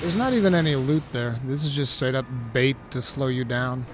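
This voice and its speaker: A man giving casual gameplay commentary as a let's play host, easily frustrated and quick to angry outbursts. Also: mid-range voice, a little hiss or hum.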